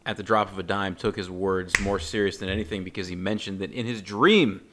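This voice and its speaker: Lower-voiced man with wry commentary. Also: brisk, background noise. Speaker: podcast co-host. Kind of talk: casual movie discussion.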